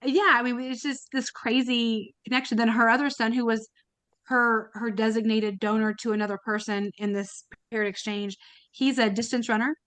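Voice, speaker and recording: A woman's voice: on the high side, fairly even intonation, normal speed, a bit bright, dry recording. Chatty woman telling a story, dry mic. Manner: chatty, emotional, many fillers and restarts. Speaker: podcast guest, kidney donor. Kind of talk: casual storytelling.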